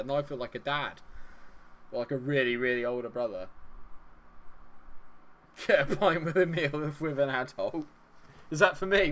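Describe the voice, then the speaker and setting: A man's voice: medium pitch, fairly bright tone. Jokey streamer chatting with his viewers. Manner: chatty, jokey, laughs often, talks to chat. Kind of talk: live-stream chat with viewers.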